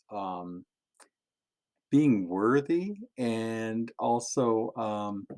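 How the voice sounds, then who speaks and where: A male pastor with a fairly low voice tells stories in a lively, playful manner. He laughs often as he talks, keeping it light and friendly for a young audience. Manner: animated, laughing, playful storyteller. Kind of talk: children's sermon storytelling.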